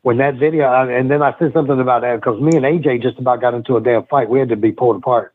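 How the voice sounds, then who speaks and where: A middle-aged man, a former pro wrestler, telling rambling, profane stories with quick laughs as a guest in a casual interview. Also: mid-range voice, steady tone. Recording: tinny phone-like line.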